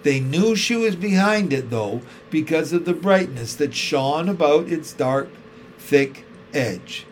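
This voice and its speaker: Slow, measured male storyteller. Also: a little high, expressive, a little hiss or hum. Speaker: narrator. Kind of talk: storybook reading.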